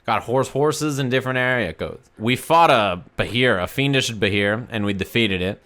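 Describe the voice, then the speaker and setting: Bright-voiced man telling a profane story. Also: medium pitch, normal speed. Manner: animated, profane, rambling anecdote. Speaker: streamer. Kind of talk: casual storytelling to stream chat.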